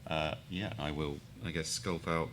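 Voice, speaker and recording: A man's voice: rumbling low, steady tone, unhurried, a bit bright. A man playing a rogue at a live tabletop game, laid-back and joking. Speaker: player. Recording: live show with noise behind.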